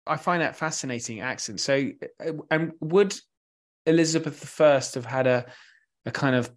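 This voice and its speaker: A man's voice: mid-range voice, moderate pace. A man hosting a casual podcast chat, curious and asking questions. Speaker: podcast host.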